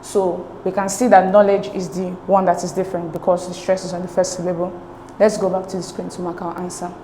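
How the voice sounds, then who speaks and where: A woman's voice: fairly low pitch, level tone, a little fast, dark tone, echoey room, slight background noise, low-quality recording. A woman tutoring an English exam lesson, explaining each answer step by step and checking in with "okay?" as she goes. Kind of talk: recorded exam-prep lesson.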